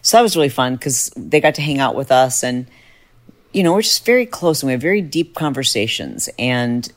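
Chatty storytelling woman host. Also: fairly quick. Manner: chatty storytelling, animated pitch jumps when excited. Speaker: podcast host. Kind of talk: casual chat.

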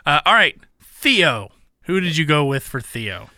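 Male podcast co-host, crisp bright voice, dry close sound, halting casual chat. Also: a little high, no room sound. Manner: relaxed, halting, lots of restarts. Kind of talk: casual movie-recasting chat.

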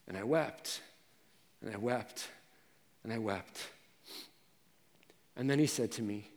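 A man preaching a sermon as pastor, telling personal stories and moving from quiet reflection to intense emphasis. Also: on the low side, slow, pauses often, in a large hall.

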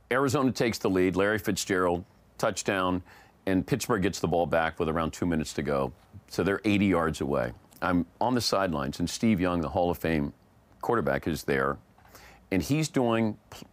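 A middle-aged man telling an animated story as a sportscaster guest on a casual talk show. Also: sits low, no echo. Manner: animated storyteller acting out quotes.

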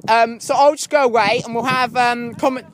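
A young man with a strikingly high voice, bickering with indignant, playful insistence. He is recorded outside on a handheld mic, with steady outdoor noise in the background. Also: a little fast. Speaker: podcast co-host. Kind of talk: comedic podcast banter. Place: outdoors beside a forest, football crowd and trains nearby. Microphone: shared handheld mic.

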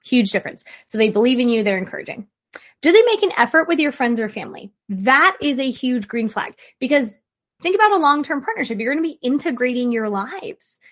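A woman's voice: sits high, very animated, fairly quick, a bit bright. A woman therapist giving casual, direct relationship advice in an emphatic voice, firing off rhetorical questions. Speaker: licensed therapist.

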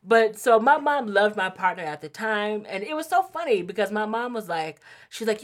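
Animated woman telling stories, lively pitch. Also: normal speed. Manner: animated storyteller, acts out quotes, laughs often. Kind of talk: casual chat.

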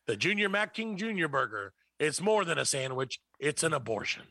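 Brief: male podcast co-host, playful over-the-top riffing, bright tone, dry close sound. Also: on the high side, very animated, fairly quick, no echo. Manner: joking, exaggerated ad-read delivery. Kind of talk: comedic casual chat with a mock ad.

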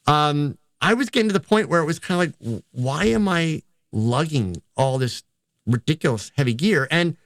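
With a medium-pitched, fairly bright voice and no echo in the recording, an older photographer and teacher spins stories for an interviewer. His telling is casual, meandering and self-deprecating.

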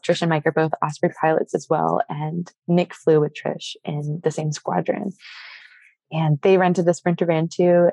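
A young adult woman, a podcast guest, telling a personal story in an animated way and acting out the dialogue. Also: lowish voice, no echo.

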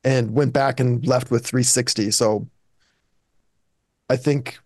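A man's voice: medium pitch, steady tone, takes it slowly, darkish tone, no echo, clean studio sound. Rambling man telling a casual story. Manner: rambling storyteller, many restarts. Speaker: regular on a comedy podcast. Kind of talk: casual chat.

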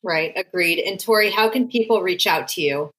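A woman hosting a podcast, asking questions and chatting casually, quick to laugh. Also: lowish voice, fairly bright tone. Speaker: podcast host. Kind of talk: casual interview talk.

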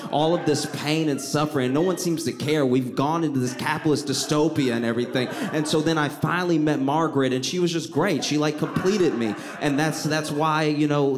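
A man from Louisiana telling a comic story on stage to a live audience, animated and wry, talking straight to the crowd. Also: a little high.

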